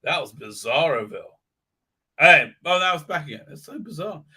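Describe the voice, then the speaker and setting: A man's voice: a little high, expressive, normal speed, pushed and bright, husky. A man hosting a live stream, giving a crude, sarcastic rant with many filler sounds. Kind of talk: ranting pop-culture commentary.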